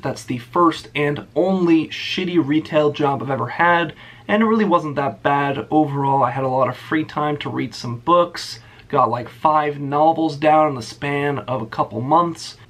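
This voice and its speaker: A man's voice: a little high, normal speed, fairly bright tone. A young man telling a story about an old job to his channel, blunt and sarcastic, swearing often. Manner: blunt and profane. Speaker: YouTuber. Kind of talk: storytime rant.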